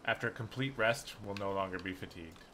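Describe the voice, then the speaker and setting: A man playing a story game, reading its narration aloud with relaxed muttered asides. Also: sits low, fast talker, a little hiss or hum. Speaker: game player. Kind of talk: casual let's-play commentary, reading game text aloud.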